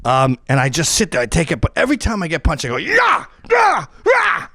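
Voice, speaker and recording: Animated man with a lively, swooping voice. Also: medium pitch, rapid-fire, no room sound, clean studio sound. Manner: animated, acts out screams and quoted voices. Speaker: comedic host. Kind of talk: profane comedic monologue.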